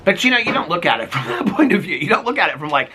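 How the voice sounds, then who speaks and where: A man's voice: a little high, big pitch swings, racing, bright, forceful tone, a little hiss or hum. A man in his fifties chatting casually and rambling in a daily vlog, laughing often. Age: 50s. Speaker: vlogger. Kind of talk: casual chat.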